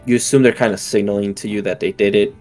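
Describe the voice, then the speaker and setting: A young man as game master narrating a scene, halting and full of fillers. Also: lowish voice, steady tone, darkish tone, soft background music. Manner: hesitant, many fillers and restarts.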